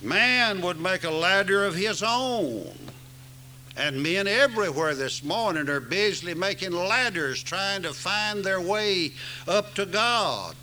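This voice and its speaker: A man's voice: high voice, sharp tone, a little hiss or hum, low-quality recording. A man preaching a sermon to a congregation, with an emphatic, swooping cadence.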